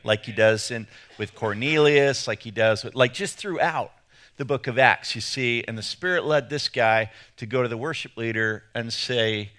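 A man's voice: medium pitch, moderate pace, fairly bright tone. A man with an English accent, preaching an enthusiastic sermon with playful asides. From England. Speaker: pastor.

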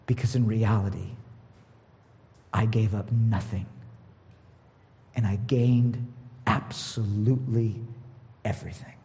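A middle-aged man preaching a personal sermon as a pastor, expressive and laughing, moving between loud bursts and hushed asides. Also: fairly low pitch, slow pace, long pauses. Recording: long hall reverb.

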